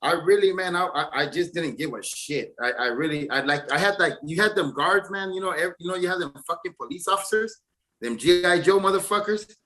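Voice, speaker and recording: Bright-voiced man, profane and rambling. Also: high voice, fairly quick. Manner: profane, rambling, frequent stammered restarts. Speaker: interview guest, former prisoner. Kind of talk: casual storytelling.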